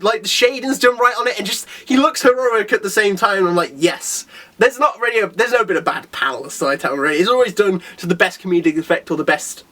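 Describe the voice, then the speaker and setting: A young man in a casual manga chapter review, excitable and rambling, who laughs often and breaks into character voices. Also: high voice.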